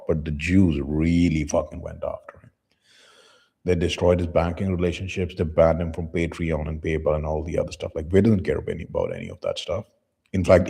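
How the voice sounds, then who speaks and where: A man's voice: extremely low pitch, vocal fry, dark tone, slightly rough. A man giving casual, rambling livestream commentary in a loose, profane manner. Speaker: streamer reacting to clips.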